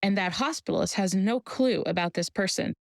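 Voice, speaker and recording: Woman, maternity care provider, podcast interview, gravelly, measured. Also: mid-range voice, no room sound. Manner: measured storyteller, slow deliberate phrasing.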